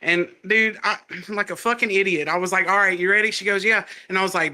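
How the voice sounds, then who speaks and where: A man's voice: high-pitched, brisk. A man with a Southern US accent, a stand-up comedian chatting casually and acting out his stories with lots of laughter. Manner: animated storytelling, laughs often, acts out quotes. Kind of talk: casual chat.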